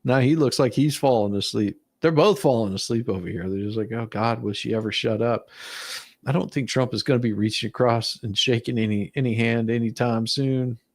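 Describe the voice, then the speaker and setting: A man's voice: medium pitch, fairly quick, few pauses. A man hosting a reaction vlog, mocking the clips he watches with sarcastic remarks and frequent laughter. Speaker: commentary vlog host. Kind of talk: reaction commentary on video clips.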